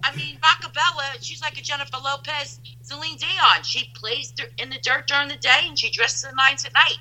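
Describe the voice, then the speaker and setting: A woman, a guest telling loud, animated stories in casual chat over a phone line. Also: high-pitched, brisk.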